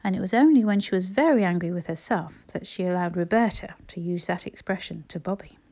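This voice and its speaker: A woman reading a children's story aloud in a measured storytelling manner. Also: on the low side, dark tone. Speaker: audiobook narrator.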